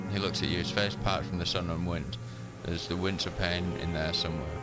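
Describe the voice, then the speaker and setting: A man's voice: sits low, steady tone, a little fast, few pauses. A man reading game text aloud in a plain way, with fillers, during a playthrough. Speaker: gaming video creator. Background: loud game music.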